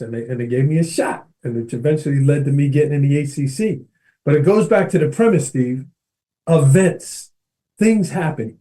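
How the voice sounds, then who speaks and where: A middle-aged man, an educator and speaker, telling a story as an animated podcast guest who keeps checking in with his listener. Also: a little high. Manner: energetic, keeps checking in with "right?" and addresses the host by name.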